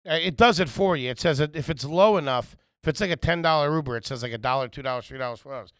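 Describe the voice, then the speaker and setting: A man co-hosting a casual comedy chat, cracking jokes, swearing and firing off quick questions. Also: a little high, clean tone, no room sound, studio quality. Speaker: podcast co-host.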